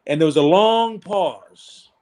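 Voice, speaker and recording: A man in his seventies, a pastor and podcast guest, telling a personal story in an earnest, measured way that slows down for emphasis. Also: sits high, expressive, mellow. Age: 70s.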